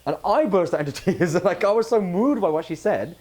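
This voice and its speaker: A man gives a religious talk at a camp, speaking fast in a slightly high voice. He keeps it conversational, tossing questions to the audience. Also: very animated, a little mellow. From United Kingdom. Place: camp hall with a live audience.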